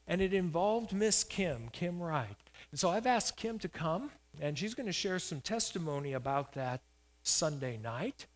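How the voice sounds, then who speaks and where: A male pastor giving a sermon, telling a healing story with emphatic rises. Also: on the high side. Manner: storytelling preacher, rising to loud emphatic peaks.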